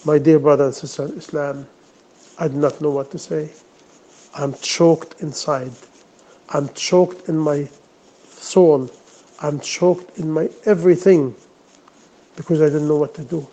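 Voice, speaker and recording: Male preacher, mellow tone, slightly raised pitch, repetitive pleading sermon. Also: rough recording. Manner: repetitive, pleading, self-reproaching. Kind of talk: emotional sermon.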